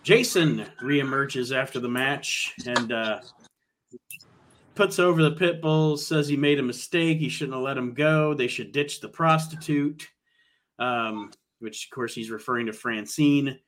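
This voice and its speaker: A man's voice: mid-range voice, unhurried, fairly bright tone. A man hosting a casual podcast, recapping a show with frequent "uh" fillers. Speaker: podcast host.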